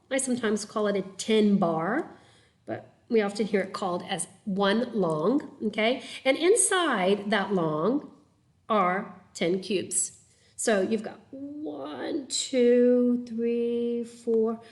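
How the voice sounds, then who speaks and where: A middle-aged woman teacher with a slightly high voice walks through a math lesson at a patient, steady pace. She counts aloud as she draws, her voice dropping softer between numbers, and often pauses to check in with the class. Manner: patient, step-by-step explaining with frequent "okay?" checks; counts aloud while drawing, trailing off quietly.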